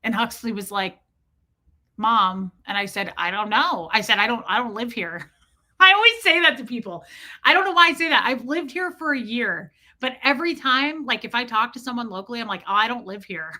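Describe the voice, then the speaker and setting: A middle-aged woman on a casual live stream, telling a rambling, self-mocking story with deadpan jokes and reading out chat. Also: fairly high pitch, a little fast.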